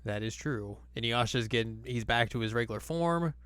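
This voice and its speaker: Man, podcast co-host, casual recap, jokey, mid pitch, dry close sound. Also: normal speed, fairly bright tone, smooth, no echo. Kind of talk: casual anime recap chat.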